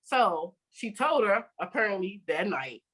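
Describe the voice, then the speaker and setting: A woman's voice: medium pitch, unhurried, poor audio. Podcast lady telling a messy dating story, lots of swearing, voice all over the place. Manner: animated storytelling, acting out dialogue, swearing. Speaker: podcast host. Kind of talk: casual chat.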